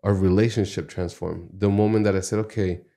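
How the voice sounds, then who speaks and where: A man's voice: sits low, steady tone, a little fast, mellow. A man who is a guest on a podcast, telling stories from his life in an earnest, reflective way. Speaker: podcast guest, music executive. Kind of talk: conversational interview storytelling.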